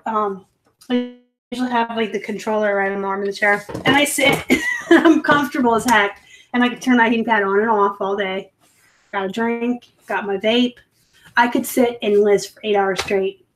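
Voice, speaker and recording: A woman from the West Coast chats through a casual live stream with a slightly high voice. She rambles from one thought to the next, and her phrases often lift upward at the end. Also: a bit bright. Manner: chatty and rambling, upspeak at times. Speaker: live show host and reseller.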